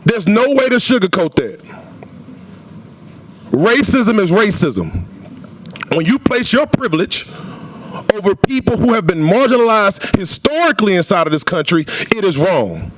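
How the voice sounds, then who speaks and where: A man testifying at a legislative hearing, speaking forcefully and repeating phrases for emphasis. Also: high-pitched, lively intonation, moderate pace. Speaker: public witness testifying at a state senate hearing. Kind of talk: impassioned public testimony. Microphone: standing microphone at a podium.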